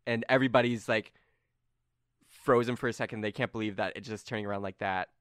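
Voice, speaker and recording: Brief: easygoing male game master recapping a tabletop session, bright tone, dry close mic. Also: on the low side, steady tone, quick pace, smooth, dry recording. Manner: casual, rambling, filler-heavy recap.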